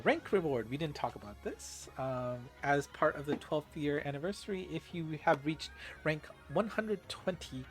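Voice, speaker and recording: A man hosting a casual game news recap, chatty with many filler words, over faint background music. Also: mid-range voice.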